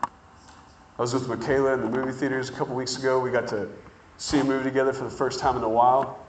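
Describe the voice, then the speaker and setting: A man preaching a sermon, telling stories in an animated way and drawing out words for emphasis. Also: mid-range voice, roomy sound, noisy background. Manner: animated storytelling with drawn-out emphasis.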